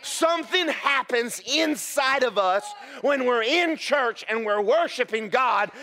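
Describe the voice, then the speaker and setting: Man, pastor, high voice, lively sermon, shouts of praise. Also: a little slow. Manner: animated, bursts into shouted praise.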